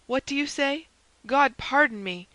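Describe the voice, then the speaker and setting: A woman's voice: medium pitch, normal speed, pushed and bright, smooth, no echo, lightly acted, rough recording. A woman reading as a haughty English duke. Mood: indignant. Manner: imperious, indignant.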